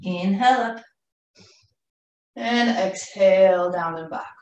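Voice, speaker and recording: A woman's voice: mid-range voice, slow pace, dull audio. Breathless woman cueing yoga, far off in an echoey room. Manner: calm breathy cueing while flowing through poses herself. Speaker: yoga instructor. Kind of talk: live yoga class cueing. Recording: roomy echo from far off the mic.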